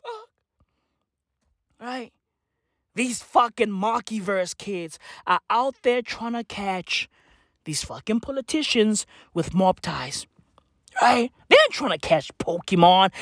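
A woman rants comedically in a high voice that leaps all over the place. She swears freely and leans on slang and repeated catchphrases. Her pace is unhurried, and the sound is close and dry. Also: a bit bright, no echo. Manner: profane slang-heavy rant with repeated catchphrases. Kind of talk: comedic rant.

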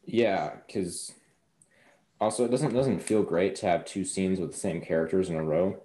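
A man's voice: deep voice, normal speed, dark tone. A man leading a casual tabletop role-play discussion, asking pointed questions and teasing the players.

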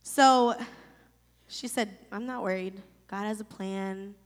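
Woman in her thirties from Florida, emotional and halting personal testimony, reverberant space. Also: mid-range voice, steady tone. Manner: emotional, halting, many restarts. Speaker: storyteller sharing a personal testimony. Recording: long reverb.

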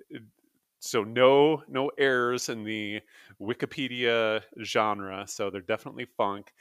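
A man's voice: mid-range voice, a bit bright, dry recording, studio quality. A man co-hosting a podcast in casual chat, rambling through band background with loose restarts and easy laughs. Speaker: podcast co-host.

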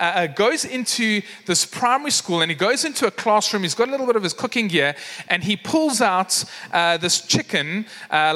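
A man's voice: high voice, bright, forceful tone. Man, pastor, chatty sermon, reverberant church hall. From South Africa. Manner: storytelling, acts out voices in the story, frequent fillers.

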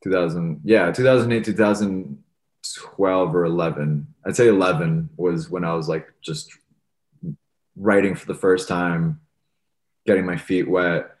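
A man's voice: low voice, unhurried. A young man, a musician being interviewed, talking casually and rambling with lots of "like" and "you know". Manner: relaxed, rambling, many fillers like "like" and "you know". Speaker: musician guest.

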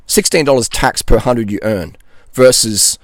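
A man's voice: mid-range voice, measured pace, no echo, clean studio sound. A middle-aged man, a nutrition coach, answering viewer questions in a blunt, ranting monologue and laughing between points.

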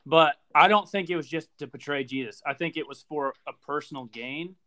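Animated young man on a podcast. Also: fairly high pitch, brisk. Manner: animated, laughing storyteller. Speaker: podcast co-host. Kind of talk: casual chat.

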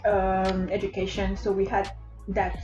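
A young woman chatting casually as a guest, animated and laughing often, restarting her sentences. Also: mid-range voice, measured pace, reverberant, over music, rough recording. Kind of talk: casual chat.

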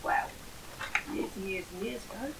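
A woman's voice: mid-range voice, normal speed, background noise. Teasing English woman in her forties. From Northamptonshire, England. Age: 40s. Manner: teasing, laughs easily, drops to a breathy whisper at times. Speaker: podcast co-host. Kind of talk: casual banter.

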